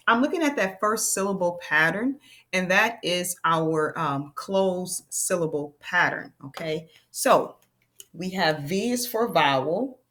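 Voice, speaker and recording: A woman with a fairly low voice leads a children's reading lesson. She is lively and playful, and she slows right down to stress the key words for young learners. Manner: animated, playful, speaks slowly on key words. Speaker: teacher.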